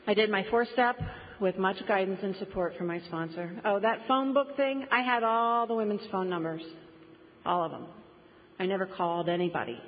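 Woman, mid-pitched, personal testimony at a meeting, deliberate storyteller, roomy muffled sound. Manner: storytelling, slow deliberate emphasis on key words. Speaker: speaker sharing her story at a recovery meeting. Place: meeting room before a group. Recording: dull recording with long hall reverb.

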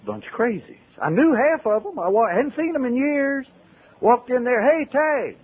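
A man's voice: very high-pitched, expressive, moderate pace, breathy edge. A man telling his life story to a group, acting out the voices of the people in it. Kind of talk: storytelling talk. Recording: tinny, phone-like old recording.

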